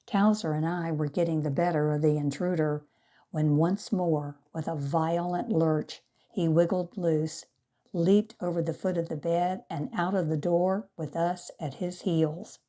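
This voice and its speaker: Slow, low-voiced woman reading aloud. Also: steady tone, dark tone. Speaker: volunteer audiobook reader. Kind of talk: audiobook narration.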